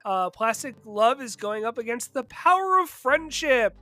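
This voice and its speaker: A woman's voice: fairly high pitch, animated, unhurried, bright, forceful tone, dry recording. A woman hosting a casual chat show, rambling loosely with lots of restarts. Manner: rambling, many fillers and restarts. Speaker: host.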